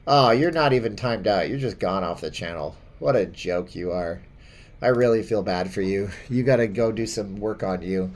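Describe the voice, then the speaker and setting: A male live-stream host with a lowish voice talks at a normal speed, sounding stuffy from seasonal allergies. He rambles and chuckles, full of fillers and restarts, while casually reading out viewer comments.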